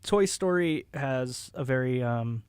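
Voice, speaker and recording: A young man co-hosting a podcast in casual chat, telling personal stories in an animated way. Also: medium pitch, takes it slowly, smooth, no echo, clean studio sound. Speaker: podcast co-host.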